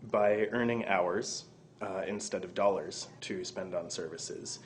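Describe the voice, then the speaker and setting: A man speaking as a community organizer, giving an earnest, steady explanation in an interview comment. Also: low voice, unhurried, a little hiss or hum.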